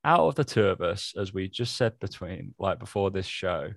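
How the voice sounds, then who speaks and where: A man's voice: low-pitched, expressive, moderate pace, creaky, dry recording, clean studio sound. A man co-hosting a podcast in casual, teasing chat that rambles between jokes. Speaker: podcast co-host.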